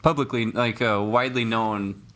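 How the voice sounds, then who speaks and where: A man who hosts a podcast as a pastor, chatting in a relaxed way with short interjections. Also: medium pitch, moderate pace. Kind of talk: casual chat.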